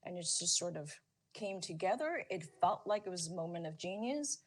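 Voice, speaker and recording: A woman answers as a storytelling expert in a relaxed interview. She talks emphatically and repeats key phrases to press a point home. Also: lowish voice, moderate pace. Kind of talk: conversational interview.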